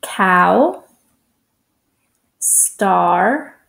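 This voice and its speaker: Woman teacher, phonics lesson for kids, very slow speech, echoey room. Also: mid-range voice, expressive, creaky, a bit bright. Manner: slow, drawn-out, sounding out letters.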